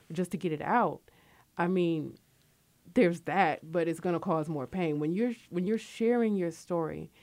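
A woman in her forties from Connecticut, USA, appears as a guest author on a radio interview, chatting casually in a reflective, storytelling way. Her voice is on the low side and slightly mellow, and the recording is dry.

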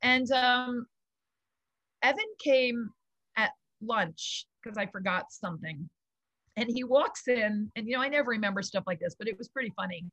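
A middle-aged woman, a yoga founder, tells stories in an animated, gushing way and laughs often. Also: fairly high pitch, moderate pace, dry recording. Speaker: guest, kids yoga founder. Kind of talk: casual storytelling interview.

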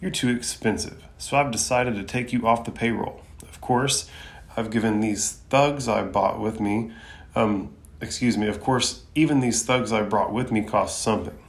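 A man voicing a scheming, greedy male crime boss from an anime, reading his lines in a slow, mocking way. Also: on the low side, close to an everyday voice. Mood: gloating.

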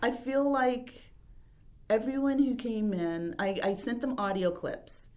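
A woman's voice: a little high, animated, takes it slowly, darkish tone. A woman who writes and produces an audio drama, chatting casually in an interview, often trailing off with fillers and laughing easily.

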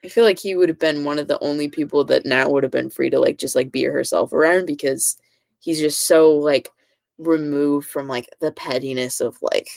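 A woman's voice: sits low, moderate pace, creaky, a little mellow, dry recording. A woman co-hosting a podcast, from California, chatting casually and filling her talk with "like.". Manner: chatty, heavy use of "like". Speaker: podcast co-host. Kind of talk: casual chat.

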